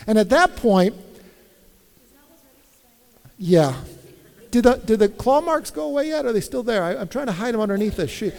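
Emphatic high-voiced male preacher. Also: lively intonation, normal speed, gravelly, pauses often, darkish tone, big-room sound. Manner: emphatic, repeats phrases for stress; wry humor in personal stories. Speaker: pastor. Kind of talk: sermon.

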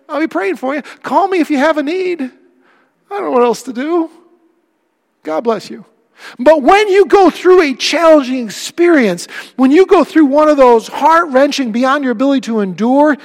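A middle-aged man preaching a sermon as pastor, swinging between loud emphatic lines and hushed, quiet ones. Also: sits high, big-room sound.

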